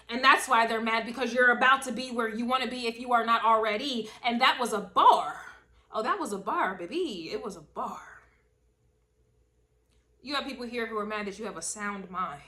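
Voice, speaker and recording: A woman giving a casual spoken tarot reading, emphatic and slangy, repeating a refrain and swinging between loud bursts and low asides. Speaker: tarot reader.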